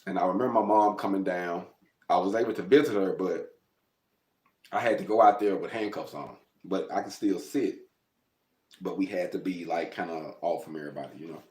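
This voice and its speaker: A man's voice: low-pitched, brisk, darkish tone, reverberant. A man telling his own life story in a conversational, rambling way, often calling his listeners "y'all.". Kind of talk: personal storytelling monologue.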